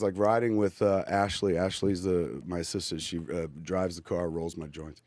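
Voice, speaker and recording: A man on a podcast telling an animated, profane anecdote and acting out voices in it. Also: low-pitched, moderate pace, dry recording. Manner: excitable, profane, acts out voices in his stories. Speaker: filmmaker telling a story on a podcast.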